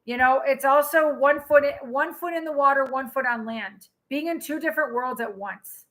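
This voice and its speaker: A woman hosting a live tarot reading, chatting in an animated way and answering her viewers' comments. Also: high voice, moderate pace. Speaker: tarot reader and healer.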